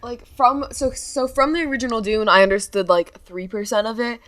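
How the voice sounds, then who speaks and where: A woman's voice: on the high side, a little fast, a bit bright, low-quality recording. A teenage girl co-hosting a casual podcast, rambling with lots of "like" as filler. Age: teens. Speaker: podcast co-host.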